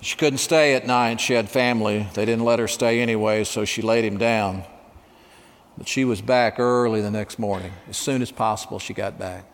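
A man preaching a sermon, telling a story with dramatic pauses and dropping to a hush at emotional moments. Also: on the low side, steady tone, big-room sound. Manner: dramatic, hushed at emotional moments, acts out dialogue.

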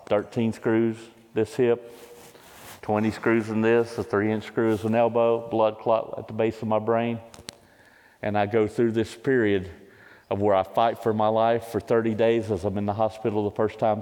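A man in his fifties preaching a sermon, giving impassioned testimony that climbs into loud pleading cries. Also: fairly low pitch, little pitch movement, moderate pace. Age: 50s. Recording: long hall reverb.

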